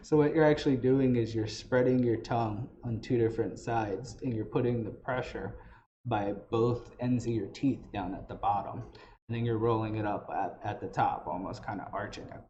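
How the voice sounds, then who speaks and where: A man with a low, mellow voice talks through tips for a tabletop game in a relaxed, rambling way. The recording is dull and lo-fi, with a faint hiss underneath. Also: moderate pace. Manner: explanatory, loose phrasing with restarts. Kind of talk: casual tutorial talk. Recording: dull lo-fi audio with faint noise.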